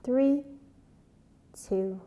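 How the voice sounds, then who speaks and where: A woman with a warm, slightly high voice speaks very slowly as she teaches a beginner plank routine. She counts reps aloud while exercising, coaches form, and sounds strained and shaky from effort on the difficult holds.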